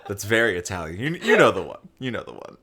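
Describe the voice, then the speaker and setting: A man's voice: on the low side, big pitch swings, fast, bright, forceful tone, slightly rough. A man co-hosting a visual novel let's play, chatting casually, joking and laughing often. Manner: jokey, laughs often, rambling. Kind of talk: casual chat over gameplay.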